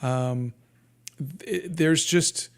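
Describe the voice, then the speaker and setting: A man in his fifties, a guest cartoonist talking casually in an interview, in a soft, sleepy-sounding voice with many halting restarts and fillers. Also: a little high, smooth. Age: 50s.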